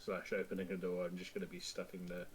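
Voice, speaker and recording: A man's voice: low-pitched, monotone, quick pace, a little hiss or hum. Laughing man playing his character. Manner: laughs while describing his character's actions. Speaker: player. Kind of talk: tabletop game play, in and out of character.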